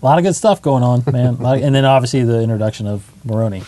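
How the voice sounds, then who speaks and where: A man co-hosting a casual TV recap podcast, relaxed and heavy on fillers. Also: medium pitch, racing, no echo. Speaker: co-host.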